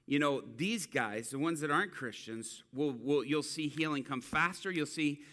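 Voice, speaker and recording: A man's voice: on the high side, moderate pace. A man preaching to a church, telling a street-ministry story and acting out the people in it. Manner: animated storyteller acting out quotes. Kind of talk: sermon storytelling.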